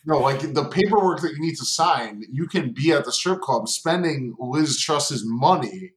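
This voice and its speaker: A man's voice: a little high, animated, normal speed. A young man co-hosting a casual podcast chat, teasing, swearing freely and laughing a lot. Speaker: podcast co-host.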